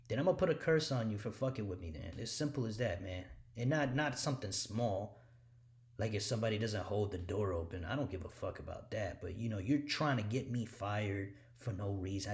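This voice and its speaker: Man, mid-range voice, informal scripture commentary: heated, profane, keeps saying "man", mumbles quick low asides. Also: a little mellow. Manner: mutters asides low and fast. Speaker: religious speaker.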